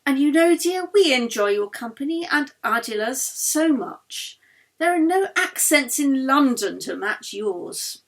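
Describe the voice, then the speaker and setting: A woman voicing a gracious, gentle older baroness who lives in pain, speaking politely. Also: medium pitch, very animated, normal speed, hardly any pauses.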